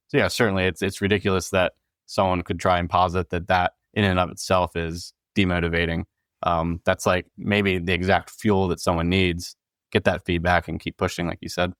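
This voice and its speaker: A man hosting a podcast, talking in a relaxed, agreeable way with many fillers. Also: deep voice, fairly quick, dry recording, studio quality. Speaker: podcast host. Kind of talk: casual podcast conversation.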